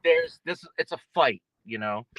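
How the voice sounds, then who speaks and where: A young man being interviewed as a boxer, trash-talking with boastful, mocking swings in pitch. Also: animated, measured pace, bright, forceful tone, no room sound, lo-fi sound. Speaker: guest boxer. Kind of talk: casual trash talk interview.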